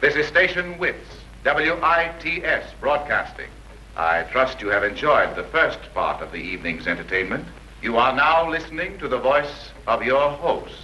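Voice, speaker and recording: A sinister, unseen host who speaks over the radio in a slow, formal announcer style. His tone is hard and piercing, with a faint hiss behind it. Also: medium pitch, lively intonation, pushed and bright, dull audio. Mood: ominous. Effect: radio broadcast voice. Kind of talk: 1930s film acting.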